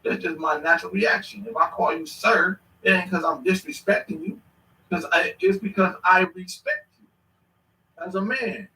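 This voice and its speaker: A man in his thirties telling stories in casual chat, animated and swearing freely. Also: sits high, normal speed, distant mic. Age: 30s. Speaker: podcast host. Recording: echoey room, away from the mic.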